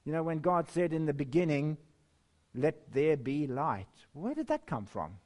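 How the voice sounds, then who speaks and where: A man preaches a sermon and reads scripture slowly and emphatically, his pitch and loudness swinging widely. Now and then he chuckles.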